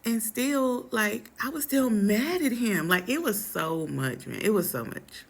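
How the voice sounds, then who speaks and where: A young adult woman telling a personal story in a casual, animated, dramatic way, full of slang. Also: on the high side, a little slow, creaky, slightly rough.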